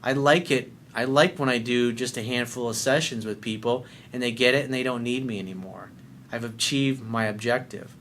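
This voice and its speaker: Man, coaching monologue, blunt and emphatic, swears freely, mid-range pitch. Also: moderate pace, fairly bright tone, slight background noise. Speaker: dating and life coach.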